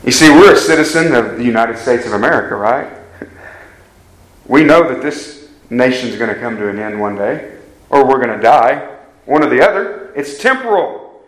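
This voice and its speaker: A man's voice: medium pitch, animated, moderate pace. A man preaching a sermon, earnest and emphatic, putting direct questions to his congregation. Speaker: pastor. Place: church hall. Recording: echoey church room.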